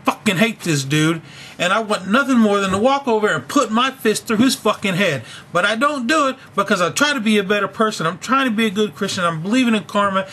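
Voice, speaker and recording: On his video blog, a young man rants angrily and profanely about getting fired. His voice sits high, with a sharp, slightly rough tone.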